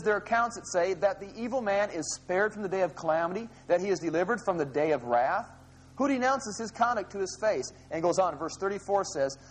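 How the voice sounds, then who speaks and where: A man preaching a Bible-teaching sermon, reading verses aloud and then paraphrasing them in an animated way. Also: high-pitched, slightly rough, rough recording. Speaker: pastor.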